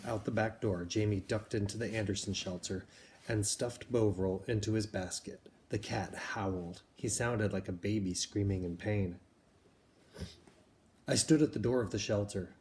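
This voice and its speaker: A man with a fairly low voice reads a novel aloud in a steady, measured way, occasionally stepping aside to explain things plainly. Faint background noise sits beneath his voice.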